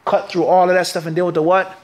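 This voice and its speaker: A man with a high voice teaches a hadith class. He talks in emphatic bursts and keeps his students engaged with call-and-response questions, leaving a gap for them to finish each point. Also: flat delivery, fast, slight background noise. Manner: emphatic, punchy delivery. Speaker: Islamic teacher.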